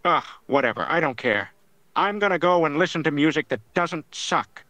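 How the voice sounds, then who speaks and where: A man's voice: fairly high pitch, expressive, moderate pace, bright, forceful tone, no echo. A text-to-speech voice playing a grumpy older man who scolds and bosses people around. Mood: annoyed. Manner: scolding, bossy and easily annoyed. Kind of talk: text-to-speech chatbot character.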